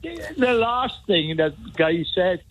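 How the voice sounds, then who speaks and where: A man calling in to a radio show, talking slowly and wryly, chuckling as he goes. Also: sits high, big pitch swings, a crowd in the background. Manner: slow, chuckling, wry. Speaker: caller. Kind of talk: phone-in call to a radio show. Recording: tinny phone line.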